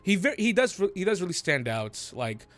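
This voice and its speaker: A man's voice: sits high, big pitch swings, normal speed, a bit bright. A man narrating a tabletop role-playing game as game master, rambling and hesitant with many fillers.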